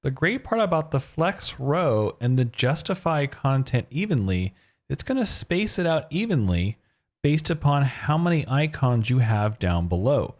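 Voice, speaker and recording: A man's voice: medium pitch, very animated, measured pace. A man hosting a web design tutorial, talking through each step of his code as he types it. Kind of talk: screen-recorded coding tutorial.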